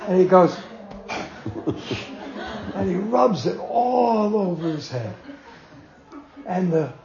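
An older man slowly telling a personal anecdote to a small group, acting out quotes and laughing as he goes. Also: fairly high pitch, echoey room, muffled recording. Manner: slow, animated storyteller who acts out quotes and chuckles. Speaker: devotee telling memories.

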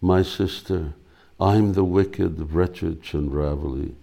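A man's voice: low-pitched, expressive, a little slow, gravelly, a little mellow, breathy edge, full character voice. A man voicing a remorseful, tearful young woman in a read-aloud drama, in a plainly read manner.

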